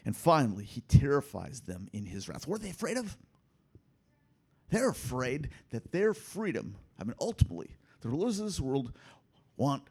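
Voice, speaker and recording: A man preaching a sermon, his husky voice climbing and falling in lively swings. He punches key lines loudly, then drops to near-hushed asides. The delivery is direct and animated throughout. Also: medium pitch, normal speed. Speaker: pastor.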